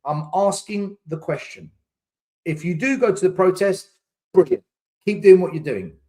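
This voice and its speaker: A man hosts a live fan chat, reading viewers' comments aloud and answering them in a loose, casual way. He rants in exasperation, hammering words over and over for emphasis. His voice sits a little high for a man. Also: normal speed, a little mellow. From England.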